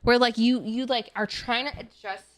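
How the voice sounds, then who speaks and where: A young woman hosting a podcast, telling a story in casual chat, animated and profane, with lots of "like" fillers. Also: a little high, moderate pace, crowd noise. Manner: animated, acts out quotes in the story. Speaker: podcast host. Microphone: podcast mic.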